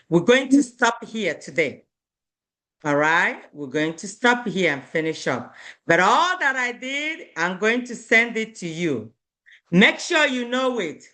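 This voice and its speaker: Slow, patient woman teaching Igbo. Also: medium pitch, pushed and bright. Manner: patient, repeats and drills words, checks with "okay?". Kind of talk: beginner language lesson.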